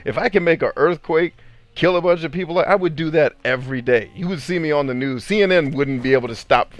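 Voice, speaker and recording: A man casually chatting with viewers on a live game stream, animated, laughing often and swearing freely. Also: mid-range voice. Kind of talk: casual live-stream chat while gaming.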